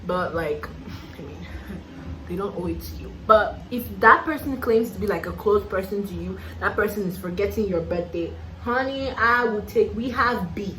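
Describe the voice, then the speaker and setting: A woman's voice: medium pitch, normal speed, bright, forceful tone, roomy sound, a little hiss or hum, rough recording. A young Nigerian woman with a Nigerian accent, chatting casually and sassily while getting ready, laughing often. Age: young adult. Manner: sassy, playful, laughs often, calls listener "honey". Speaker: YouTuber. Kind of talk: casual get-ready-with-me chat.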